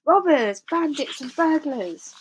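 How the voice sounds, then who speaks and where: A woman's voice: a little high, expressive, normal speed, slight background noise. A woman voicing a rude, scolding rat in a storybook reading, shrieking her lines shrilly.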